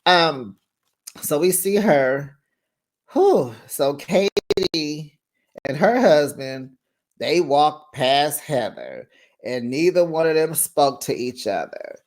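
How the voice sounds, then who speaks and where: A woman hosting a casual reality TV recap, sassy and animated, talking straight to her viewers. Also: deep voice, slow. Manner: sassy, animated, talks straight to viewers with slang like "child" and "honey".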